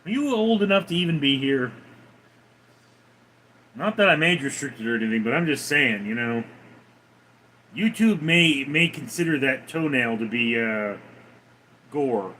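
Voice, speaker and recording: A man's voice: mid-range voice, expressive, a little slow, long pauses, sharp tone, a little hiss or hum, poor audio. A man hosting a casual livestream, laid-back as he answers viewers' chat messages one by one. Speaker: livestream host reading chat.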